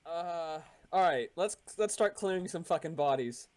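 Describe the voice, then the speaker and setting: A man playing a tabletop game who swears freely and thinks out loud about his moves. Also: a little high, expressive, a little slow. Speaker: player. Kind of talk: casual tabletop game play.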